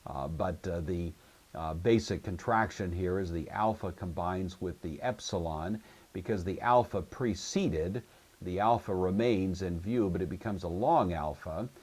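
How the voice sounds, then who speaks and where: A man's voice: low voice, a little slow, darkish tone, husky. A man giving a recorded lecture on Greek grammar. He explains each rule patiently, step by step, and checks that his students follow. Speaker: Greek teacher.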